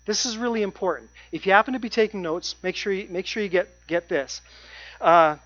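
Preacher delivering an emphatic sermon; repeats phrases, slows for stress, mid-pitched, dry and lo-fi. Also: fairly bright tone, dry recording. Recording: dry, dull lo-fi sound.

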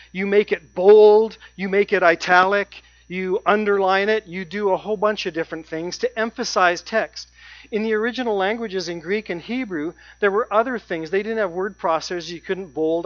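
A preacher giving a sermon, stressing key points by repeating phrases and slowing down on them. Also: mid-range voice, a bit bright, dry recording. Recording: dry, dull lo-fi sound.

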